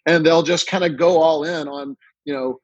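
A man's voice: fairly high pitch, steady tone, moderate pace, no room sound, highs cut off. A man from Louisiana, a podcast guest and entrepreneur, talking through his ideas in a storytelling way and often repeating words as he starts a thought. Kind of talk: conversational interview.

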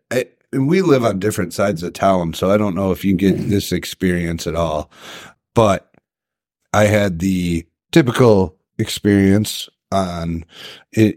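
Deep voiced podcast guy, measured, explains stuff, dry mic. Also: darkish tone, no room sound. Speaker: podcast co-host. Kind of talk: casual chat.

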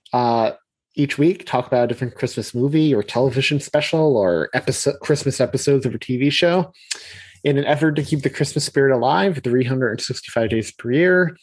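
A man's voice: mid-range voice, darkish tone, no room sound. A man chatting as a guest on a podcast, upbeat and enthusiastic. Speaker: podcast guest and co-host of another show. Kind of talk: casual podcast chat.

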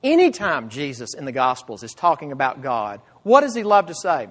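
A man preaching a sermon with earnest emphasis, swinging between loud cries and hushed low phrases. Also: huge pitch swings, moderate pace, in a large hall. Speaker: pastor.

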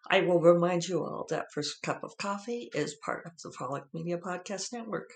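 A man's voice: high voice, moderate pace, creaky, few pauses. A man hosting a casual solo podcast, teary and emotional, rambling with many fillers and restarts. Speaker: podcast host. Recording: roomy echoey room.

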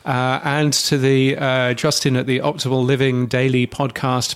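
A man co-hosting a podcast in relaxed, rambling chat full of fillers. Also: mid-range voice, normal speed, hardly any pauses, smooth. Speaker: podcast co-host.

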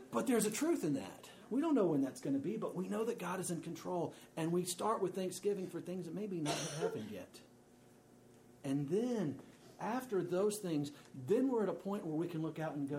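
A man in his thirties preaching in a relaxed, conversational way, with joking asides. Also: on the high side, slight background noise. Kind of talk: sermon.

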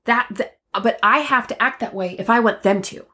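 A naturally loud woman from the Northeast United States co-hosts a casual faith podcast. Her voice is bright and forceful, a little higher than most. She talks emphatically and pokes fun at herself. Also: normal speed. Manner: loud, emphatic, self-deprecating. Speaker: podcast co-host.

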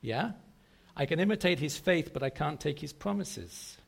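A man's voice: on the high side, expressive, normal speed, vocal fry, breathy edge. A man preaching a sermon to a congregation, emphatic and repetitive, often asking rhetorical questions. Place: church service.

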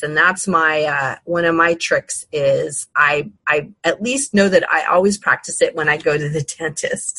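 A woman hosting a podcast, giving casual, unhurried advice with frequent fillers and restarts. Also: sits low, a bit bright, breathy edge, no room sound, rough recording. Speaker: podcast host.

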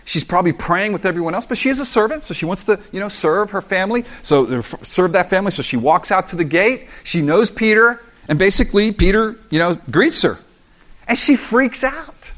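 A man preaching a sermon as pastor, animated and acting out the voices of the story. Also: high voice, a little fast, few pauses. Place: church in South Florida.

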